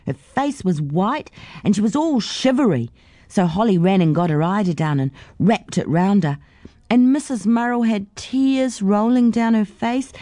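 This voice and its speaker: A woman's voice: medium pitch, lively intonation, a little slow, warm tone, dry recording, clean studio sound. A woman reading a children's story aloud in a girl narrator's voice.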